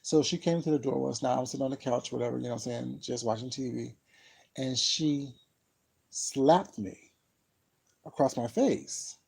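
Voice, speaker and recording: Man, vlogger, dark husky voice, casual rambling storytelling, emphatic. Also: medium pitch, moderate pace, poor audio. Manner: rambling, emphatic, frequent fillers like "you know what I'm saying".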